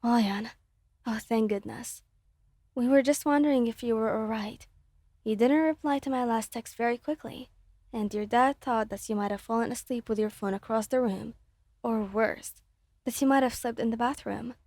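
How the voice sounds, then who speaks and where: A woman voicing a loving, worried middle-aged mother in a soft, hushed, fussing whispered role-play. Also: on the high side, moderate pace, dry recording. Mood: fretful.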